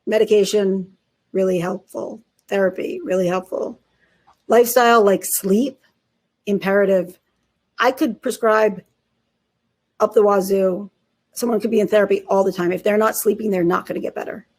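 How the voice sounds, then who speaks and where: A woman psychiatrist who is a guest in an interview, explaining clinical cases in an emphatic, brisk, conversational way with casual idioms. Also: mid-range voice, steady tone, a little mellow.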